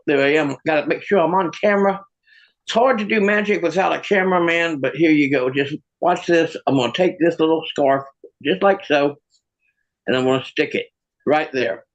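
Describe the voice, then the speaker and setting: A man with a raspy, fried edge to his slightly raised voice tells self-mocking jokes. He chuckles at his own punchlines, heard through a video call. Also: fairly high pitch, muffled recording. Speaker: stand-up comic and magician. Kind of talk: stand-up comedy over a video call.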